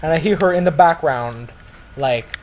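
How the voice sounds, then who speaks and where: A man's voice: on the high side, moderate pace, a little mellow, a little hiss or hum, low-quality recording. A man casually telling a story to friends, rambling with lots of "like" and restarts.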